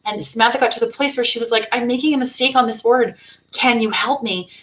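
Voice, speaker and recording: A woman co-hosting a live online summit, telling a heartfelt story in an expressive, conversational way over a video call. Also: on the high side, fast talker, rough recording. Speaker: co-host. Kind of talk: casual chat.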